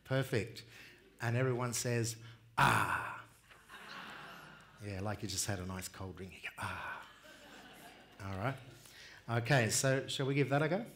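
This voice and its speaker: Leading a group singing workshop at a conference, a man with a mid-range voice speaks a little fast, cheerfully encouraging the audience in call-and-response, calling out and demonstrating sung examples. Slight background noise is audible.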